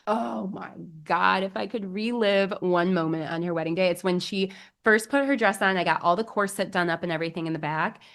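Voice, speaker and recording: A woman's voice: mid-range voice, a little fast, fairly bright tone. A young woman hosting a solo podcast as a bridal alterations specialist, chatty and bubbly with gushing exclamations.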